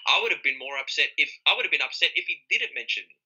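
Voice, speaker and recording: A man's voice: fast talker, slightly rough, low-quality recording. A young man, a rapper, telling the story of his reaction in a casual interview, acting out his own surprised exclamations. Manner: animated, acts out his own reactions with sudden high-pitched exclamations.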